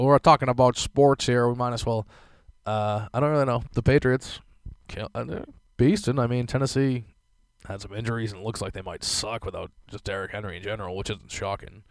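A young man on a podcast rants casually, swearing often and rambling with lots of fillers. His voice is on the low side and gravelly, with no room sound.

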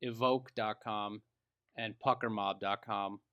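A man co-hosting a podcast, ranting loudly in casual chat and swearing freely. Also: fairly low pitch, fairly even intonation, a little slow, no room sound, muffled recording. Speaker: podcast co-host.

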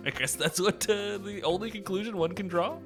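A man's voice: sits high, a little fast, music in the background. A man co-hosting a casual podcast, joking around and laughing often. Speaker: podcast co-host. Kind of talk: casual chat.

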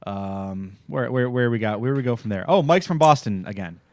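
A man co-hosting a casual podcast, talking about a TV show with friends, animated and laughing often. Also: moderate pace, dry recording, studio quality. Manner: animated, laughing, jumps into high voices for quotes. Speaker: podcast co-host.

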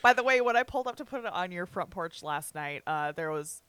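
A woman's voice: fairly low pitch, expressive, brisk, fairly bright tone, clear, resonant tone, no echo. A woman hosting a casual podcast, teasing her guest and giggling between fillers. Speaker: podcast host.

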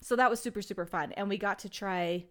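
A young woman co-hosts a podcast, chatting casually and rambling with plenty of filler words. Her voice is medium-pitched and fairly bright, and she speaks at a quick pace.

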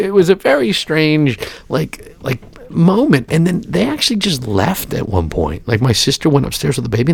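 A man's voice: a little high, creaky, breathy edge. A middle-aged man, congested with a cold, rambling through a casual podcast chat with lots of fillers. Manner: rambling, animated storytelling with many fillers.

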